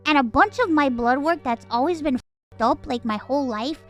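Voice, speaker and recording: A woman's voice: sits high, moderate pace, a bit bright, faint music behind. A woman streamer in casual livestream chat, bubbly, jumping between squeals and mumbles.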